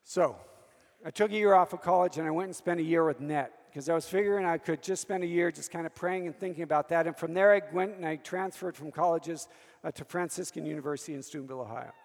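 A man's voice: a little high, fast talker, in a large hall. A priest in his fifties preaching a sermon, telling personal stories and calling to the audience for an "Amen?". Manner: storytelling, calls for "Amen?" from the audience.

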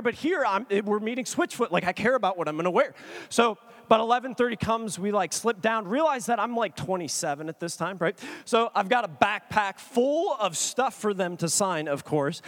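Man in his thirties, high voice, eager storyteller who acts out messages for a crowd. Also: fairly quick. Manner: excitable, animated, acts out chat messages. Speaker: speaker addressing an audience. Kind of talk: comic personal storytelling.

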